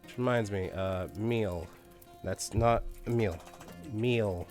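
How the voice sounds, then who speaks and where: A man's voice: lowish voice, slow, darkish tone, soft background music. A man chatting casually on a live game stream, swearing freely and barking orders at the game characters. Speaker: streamer playing a colony sim game.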